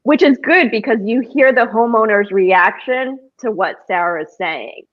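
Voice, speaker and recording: A woman's voice: a little high, normal speed, no room sound. Rambling woman paranormal investigator, dull audio. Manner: rambling, with many restarts and fillers. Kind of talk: casual conversation on a podcast.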